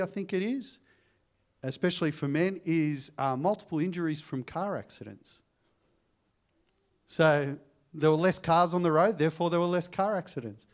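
Conversational preacher, slightly high. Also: male voice. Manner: conversational, asks the congregation for amens. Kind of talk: sermon with anecdotes. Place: church.

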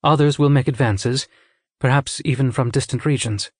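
A man's voice: mid-range voice, moderate pace, darkish tone, breathy edge, dry recording, studio quality, pitched above the performer's own voice, natural voice. A man reading an audiobook, voicing a revered elderly woman scythe who is anxious and protective in an earnest, tender way.

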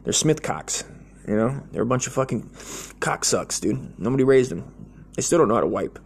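A man with a gravelly, fry-tinged voice at an ordinary middle pitch, talking through a crude comic monologue. He rambles loosely and keeps dropping in "dude" and "man". His tone is blunt, slangy and joking throughout. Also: animated, normal speed. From United States. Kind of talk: profane comedic monologue.

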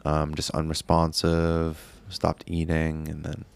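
Deep gravelly man in his twenties. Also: monotone. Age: 20s. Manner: halting, soft-spoken, many pauses and fillers. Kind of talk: casual chat.

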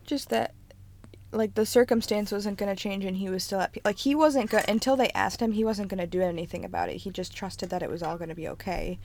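Gravelly-voiced woman, reflective co-host. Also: mid-range voice, expressive, fairly quick, darkish tone. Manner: reflective, thoughtful sharing. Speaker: podcast co-host. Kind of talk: casual faith podcast chat.

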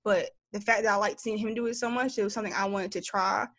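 Casting: young woman, mid-pitch, talkative storyteller, dry close recording. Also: fast talker, dry recording. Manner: chatty, lots of "like", animated storytelling. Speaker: guest. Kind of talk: casual conversational interview.

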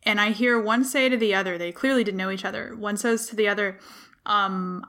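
A woman's voice: mid-range voice, steady tone, a little fast, fairly bright tone. A young woman co-hosting a podcast, telling a story in casual chat with wry humor. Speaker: podcast co-host.

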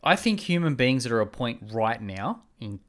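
A man's voice: medium pitch, big pitch swings, moderate pace, a bit bright. A man in casual conversation, arguing and speculating in long run-on points. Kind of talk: casual chat.

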